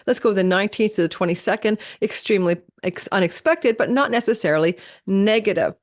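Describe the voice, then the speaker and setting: A woman hosting a live astrology forecast, talking quickly and chattily and correcting herself as she goes. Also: medium pitch, no echo, studio quality. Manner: fast, chatty, self-correcting, talks quickly like an auctioneer. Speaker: astrology channel host.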